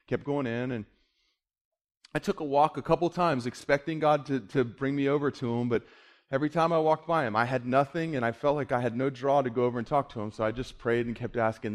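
A man preaching a sermon, telling a story with lively quoted dialogue and dropping to a quiet voice for the tender parts. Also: medium pitch. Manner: animated storyteller, voice drops quiet for emotional moments.

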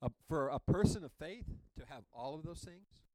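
A man's voice: a little high, animated, normal speed, darkish tone, no echo, rough recording. A man preaching a sermon as pastor, emphatic, reading hymn lyrics aloud and asking the congregation for amens.

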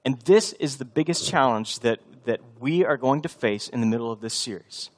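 A man's voice: mid-range voice, moderate pace. A male pastor in his thirties preaching a sermon, conversational and often building to emphatic repetition.

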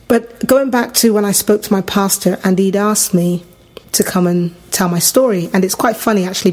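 A middle-aged woman from England telling her personal testimony as a podcast host, acting out the voices in her story. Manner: animated, acts out quoted voices with big pitch jumps.

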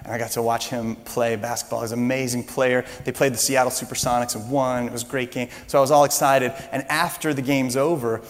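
A man's voice: medium pitch, fairly quick, few pauses. Preaching man in a reverberant hall. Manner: animated storytelling, rising loud when excited. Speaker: pastor. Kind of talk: sermon.

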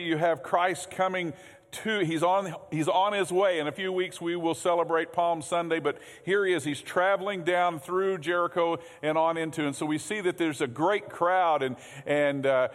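A male pastor preaching a sermon, his voice pitched notably high. He talks conversationally, stumbling over and repeating words, and keeps asking the congregation questions. The sound rings with a long reverb from the church sanctuary.

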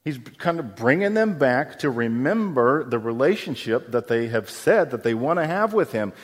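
A man's voice: mid-range voice, sing-song, normal speed. A man preaching a sermon as pastor, conversational and often asking his congregation questions. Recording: long hall reverb.

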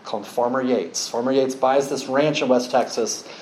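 A man preaching a sermon, telling a story with lively acted-out quotes. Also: mid-range voice, moderate pace, echoey room, low-quality recording. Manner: animated storytelling, acts out quoted voices.

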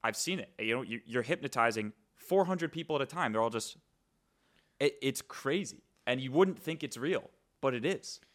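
A man's voice: medium pitch, lively intonation, normal speed, fairly bright tone. A man hosting a podcast interview, asking questions with an enthusiastic, admiring manner. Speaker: podcast host.

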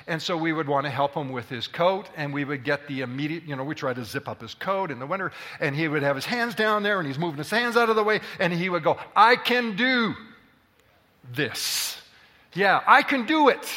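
A man preaching a sermon to a congregation, lively and full of questions to the room. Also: on the high side. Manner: animated, addresses the congregation with questions. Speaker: pastor. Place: church hall. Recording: hall reverb.

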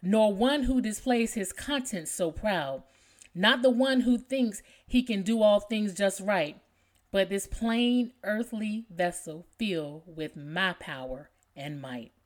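A woman's voice: medium pitch, takes it slowly, lightly acted. A woman voicing a kind male master in a read-aloud poem, speaking earnestly and tenderly.

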